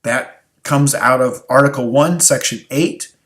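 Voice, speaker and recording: A man's voice: mid-range voice, unhurried, fairly bright tone. A tired male history teacher giving a review lecture, asking rhetorical questions and repeating key phrases. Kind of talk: recorded exam review lecture.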